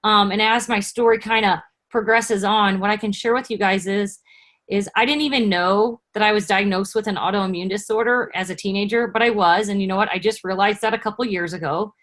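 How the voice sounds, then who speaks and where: A woman in her forties shares her own story over a video call. She talks in an earnest, chatty way, with a voice of middling pitch for a woman. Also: steady tone, fairly quick, fairly bright tone. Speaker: guest speaker.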